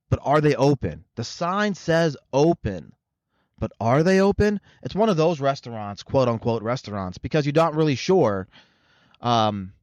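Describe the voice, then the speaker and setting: A show host with a mid-range voice launches into a rambling, sarcastic comedic rant packed with profanity. The recording is dry with no room sound and slightly muffled.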